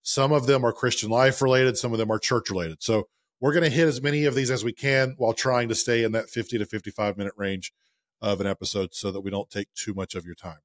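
Brief: thirties man, low-ish voice, easygoing podcast co-host, dry close sound. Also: quick pace, dry recording. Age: 30s. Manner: relaxed, self-deprecating, conversational. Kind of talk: casual podcast chat.

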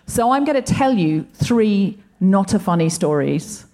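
A woman comedian talking to a live audience on stage in a thoughtful, measured way. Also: medium pitch, animated, warm tone. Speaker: comedian, co-host.

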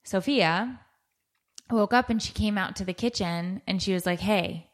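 A woman's voice: mid-range voice, normal speed. A middle-aged woman hosting a podcast, telling stories in a rambling, casual way with many restarts. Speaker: podcast host. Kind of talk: casual chat.

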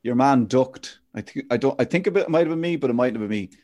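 A man's voice: mid-range voice, expressive, quick pace, warm tone. An Irish man in his forties hosting a podcast, talking earnestly and thinking aloud in casual chat. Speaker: podcast host.

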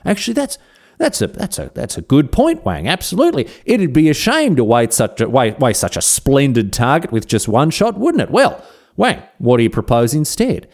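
A spoiled, cruel boy emperor barks orders in blunt, slangy speech, as a man telling the story puts him on. His voice rises and dips with lively swings. It is a comedy podcast retelling. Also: mid-range voice, normal speed, gravelly, full character voice. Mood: pleased. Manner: bossy, impatient, casual slang.

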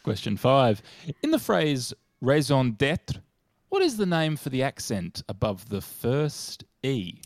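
A man hosting a comedy quiz, chatty and halting, quick to laugh. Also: mid-range voice, huge pitch swings, dry recording, studio quality. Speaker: quiz host.

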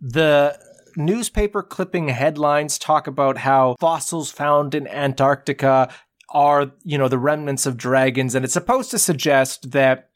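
A married man co-hosting a film podcast, explaining plot details at length in a patient, gently teasing way. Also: fairly high pitch, measured pace. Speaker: podcast co-host. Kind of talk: casual film discussion.

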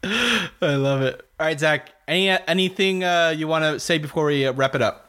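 A man's voice: on the high side, normal speed, clear, resonant tone. Male podcast host, easygoing sports chat, chuckles a lot. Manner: relaxed, laughs often, many fillers. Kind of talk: casual sports betting chat.

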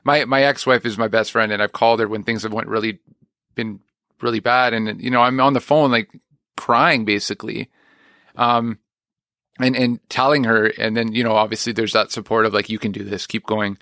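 A man's voice: mid-range voice, steady tone, moderate pace, sharp tone, dry recording, studio quality. A man, an actor and music teacher, talking candidly and rambling in a casual interview. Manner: candid, rambling, self-deprecating.

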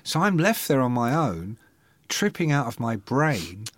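A man in his fifties spins a story in casual podcast chat, his pitch swinging widely as he lurches into loud shouted bursts. The recording is dry and close, with no room around him. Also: sing-song, unhurried, no echo. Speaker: podcast co-host.

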